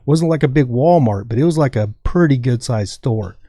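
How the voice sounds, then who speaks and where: A man's voice: mid-range voice, expressive, moderate pace, warm tone, no echo, clean studio sound. A man from Texas telling a rambling story as a podcast guest, dropping "dude" often. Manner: rambling, says dude a lot. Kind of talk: casual storytelling.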